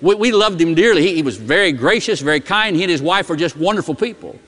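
A middle-aged pastor preaching a sermon and telling a story, dropping his voice low and soft for key words. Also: animated, fast talker. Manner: storytelling preacher, dramatic drops in pitch and volume. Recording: long hall reverb.

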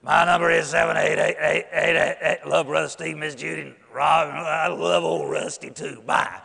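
A man doing an eager grown man who shouts his phone message with pride. The voice sits fairly high with a gravelly edge. A long echo trails it through a church hall. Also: level tone, moderate pace, full character voice.

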